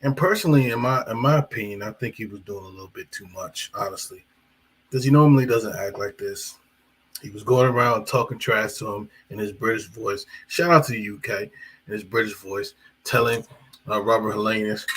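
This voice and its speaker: A man's voice: lowish voice, steady tone, normal speed, a bit bright, slight background noise, rough recording. A man hosting a live boxing talk stream, chatting in a rambling way with fillers and self-corrections. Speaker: boxing commentator and channel host. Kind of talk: casual live-stream commentary.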